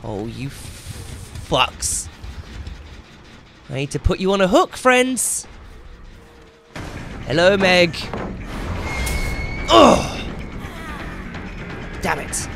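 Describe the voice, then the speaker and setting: A young man commentating his own gameplay as he plays, excitable and swearing loudly whenever things go wrong. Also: high voice, very slow, vocal fry, pauses often, faint music behind. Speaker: gaming YouTuber.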